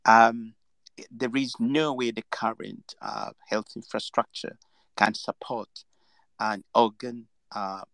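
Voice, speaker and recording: A man with a Ugandan English accent hosting and closing an online audio discussion, halting with many fillers. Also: medium pitch, steady tone, creaky, a bit bright, no echo. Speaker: host.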